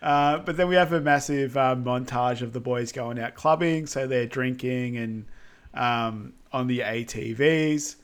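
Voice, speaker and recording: A man with a middle-pitched voice walks through a film's scenes in relaxed podcast chat. He is easygoing and hesitant and fills his pauses with ums. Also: smooth. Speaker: podcast co-host. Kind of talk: casual film recap chat.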